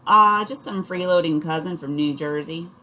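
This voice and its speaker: A woman's voice: on the low side, moderate pace, bright, forceful tone, slight background noise. A woman voicing a brash, argumentative boy in an audiobook.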